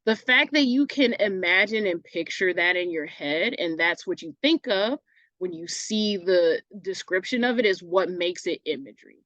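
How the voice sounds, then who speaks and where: A woman's voice: on the low side, expressive, normal speed, a bit bright, no room sound, dull audio. A woman teacher giving a recorded online English lesson, casual and self-correcting, often asking "right?" as she goes.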